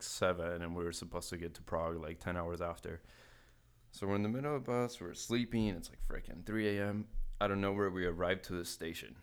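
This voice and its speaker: Young man from California with a low voice, casual podcast storyteller who swears a lot and acts out the voices of the people in his story. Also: clean tone. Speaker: guest telling a travel story.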